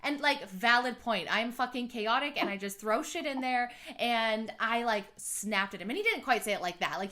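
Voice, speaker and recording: A woman's voice: mid-range voice, a bit bright. A woman in her thirties hosting a podcast, chatting candidly and swearing freely. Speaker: podcast host. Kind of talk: casual chat.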